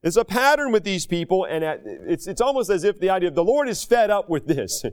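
A middle-aged American man preaching a sermon in a folksy, animated way, raising his voice for quoted speech. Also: high voice, fairly quick. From United States.

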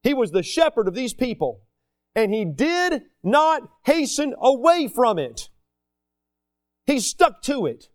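A man's voice: very high voice, slow pace, no room sound, clean studio sound. A man preaching a sermon, talking casually and acting out the people he quotes. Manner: animated, acts out the people he quotes.

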